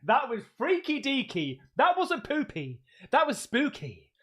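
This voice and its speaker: A man hosting a reaction video, exclaiming and swearing loudly as he reacts to scary clips. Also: very high voice, unhurried, breathy edge. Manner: excitable, swearing, loud exclamations.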